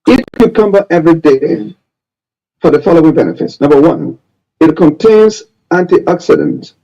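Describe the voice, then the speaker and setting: Guy doing a health tip bit, mellow voice, stresses every point, muffled audio. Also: on the high side. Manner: emphatic, repeats key points, drawn-out stresses. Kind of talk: radio health advice segment.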